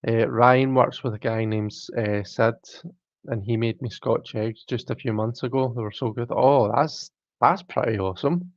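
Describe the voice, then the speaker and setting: A man's voice: medium pitch, moderate pace, no echo, highs cut off. A man with a British accent hosting a live stream, casually reading viewer comments aloud and chatting back in a self-mocking way. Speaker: livestream host.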